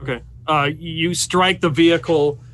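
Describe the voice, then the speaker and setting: A man running a tabletop game as game master, calmly describing the action. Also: a little high, unhurried. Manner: relaxed, describing action scenes.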